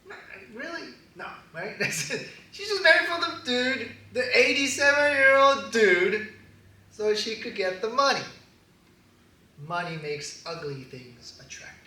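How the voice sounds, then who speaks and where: A man with a high, bright voice preaches a relaxed, joking sermon, laughing often between points. He sounds set back from the microphone in a roomy, echoing church hall. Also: a little slow. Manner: animated, laughing, joking asides. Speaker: pastor. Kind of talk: casual sermon. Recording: echoey hall, distant mic.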